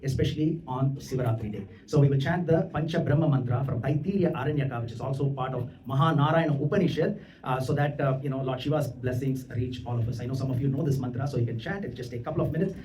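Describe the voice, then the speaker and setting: Brisk man giving a temple lecture. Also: medium pitch, mellow, far from the mic, a little hiss or hum. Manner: explanatory, chants Sanskrit mantras slowly. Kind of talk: devotional lecture. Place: temple hall.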